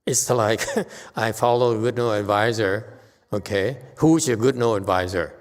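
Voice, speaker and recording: A man's voice: lowish voice, measured pace, in a large hall. A man teaching as a Buddhist master in a dharma lecture, blunt and dismissive, brushing off questions with impatience.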